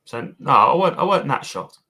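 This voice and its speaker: Husky, forceful man, matey. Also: medium pitch, very animated, fast. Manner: blunt, matey, swearing, says mate a lot. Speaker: podcast co-host giving opinions. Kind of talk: casual fan podcast chat.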